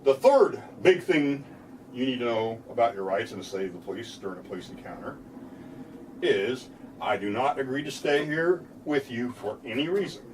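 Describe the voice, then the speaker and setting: A man's voice: mid-range voice, lively intonation, moderate pace, far from the mic, slight background noise, rough recording. A man, a lawyer from the United States, explaining legal rights to viewers in a plain-spoken way, sometimes acting out police questions. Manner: plain-spoken, acts out police lines with a laugh.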